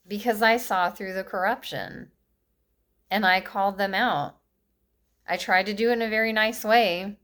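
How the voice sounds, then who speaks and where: A woman's voice: mid-range voice, a bit bright. Woman, 50s, angry vlog rant, scolding and blunt, laughs bitterly now and then. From United States. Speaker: vlogger. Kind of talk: impassioned political rant to camera.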